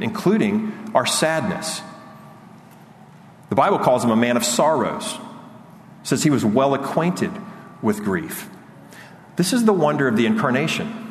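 A man preaches a sermon with earnest feeling. His voice climbs and speeds up as he grows fervent, then sinks low and soft on key lines. The sound is roomy with a long hall reverb and a faint hiss behind it. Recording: echoey hall, faint background noise.

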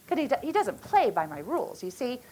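A woman in her forties teaching at a church retreat, speaking earnestly with halting restarts and an emotional storytelling manner. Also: a little high, big pitch swings, dark tone, a little hiss or hum, rough recording.

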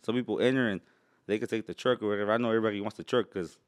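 A man's voice: on the low side, steady tone, rapid-fire, no room sound, clean studio sound. A man chatting casually as a podcast guest, laid-back, swearing and laughing often. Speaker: podcast guest, truck brand owner. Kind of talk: casual chat.

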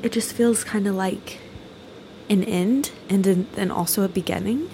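A woman's voice: medium pitch, moderate pace, dark tone, slight background noise, poor audio. A young woman co-hosting a casual podcast, tearful, reflective and hesitant with many fillers. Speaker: podcast co-host.

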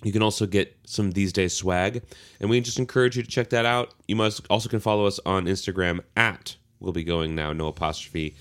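A man's voice: sits low, fairly quick, fairly bright tone. A man co-hosting a podcast in casual chat, welcoming listeners and teasing his partner. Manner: joking, teasing, upbeat welcome. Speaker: podcast co-host. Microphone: studio microphone.

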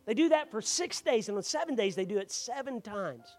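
A man with a high, expressive voice preaches fairly quickly to his congregation in church. What begins as quiet explanation turns into loud, fervent preaching as he calls out members by name.

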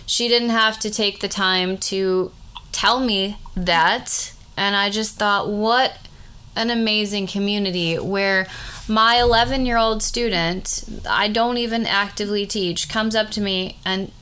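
A woman's voice: mid-range voice, fairly even intonation, unhurried, sharp tone, clean tone. A middle-aged woman, a school principal, talking casually and heartfelt, with frequent restarts. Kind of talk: casual conversation.

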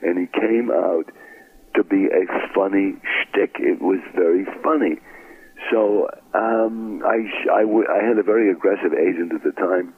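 A man's voice: low-pitched, a little slow, a little hiss or hum. An older man from Brooklyn, an actor telling stories in an interview, acting out the voices of people he quotes. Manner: anecdotal, acts out quoted voices. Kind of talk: storytelling interview. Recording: tinny phone-like line.

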